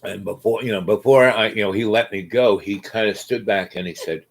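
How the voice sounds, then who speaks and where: A man with a lowish voice rambles through a story for his viewers. He drifts from thought to thought, trips over restarts and fillers, and breaks into small laughs along the way. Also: fairly quick. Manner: laughs often mid-sentence. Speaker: vlogger. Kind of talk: casual rambling monologue.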